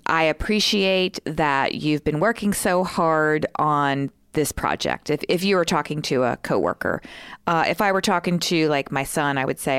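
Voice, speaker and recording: A woman in her forties, a co-host explaining a communication tool in a measured, casual way with many fillers. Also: low voice, gravelly, clear, resonant tone, no echo, clean studio sound. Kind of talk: explaining casually with role-play examples.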